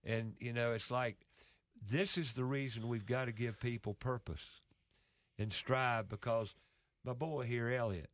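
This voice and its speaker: A man's voice: medium pitch, steady tone, a little slow, dry recording. Guy getting all heartfelt telling a story, lots of restarts, dry close sound. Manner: earnest, emotional storytelling with many restarts. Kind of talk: casual conversation.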